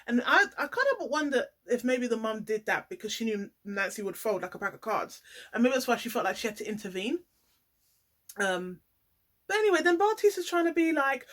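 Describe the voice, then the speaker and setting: A woman giving a casual, animated vlog commentary, playing up the drama and talking straight to her viewers. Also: on the high side, brisk. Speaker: YouTuber reviewing a reality show.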